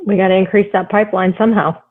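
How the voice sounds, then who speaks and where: A woman's voice: medium pitch, level tone, racing. Woman host, supportive interviewer, tinny phone-quality audio. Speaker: podcast host. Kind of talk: casual interview.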